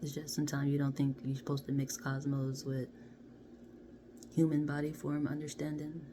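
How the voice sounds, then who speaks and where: A woman doing a casual card reading to camera, chatty and playful, often dropping into soft half-whispers. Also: sits low, moderate pace. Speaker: card reader. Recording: steady background noise.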